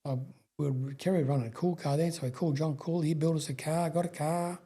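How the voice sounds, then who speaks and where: Husky, dark-voiced Australian man. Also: fairly high pitch, fairly even intonation, brisk. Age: middle-aged. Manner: rambling, swears freely, frequent restarts. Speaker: guest, sprintcar racing veteran. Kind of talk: casual storytelling interview.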